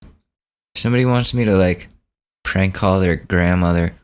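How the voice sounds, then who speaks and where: A podcast host telling a story in a low, unhurried voice. He rambles easily from one point to the next in a relaxed, casual way. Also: clean tone.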